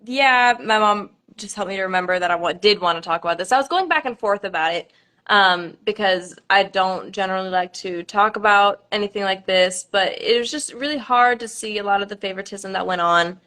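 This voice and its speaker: A woman in her twenties talks casually to viewers on a livestream. She speaks in a halting way, full of ums and small nervous laughs. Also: medium pitch, pushed and bright. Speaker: pageant contestant.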